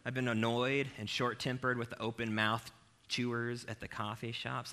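A man's voice: medium pitch, normal speed. A man preaching an evening sermon in a casual, humorous, self-deprecating way, talking straight to his listeners. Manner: animated, self-deprecating, addresses the crowd directly.

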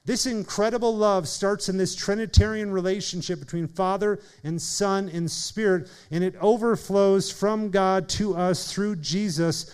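Earnest preaching man, smooth voice. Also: sits high, steady tone, a little slow, hardly any pauses. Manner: earnest preaching, shifting pace and volume for emphasis; addresses listeners by name. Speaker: pastor. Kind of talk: sermon.

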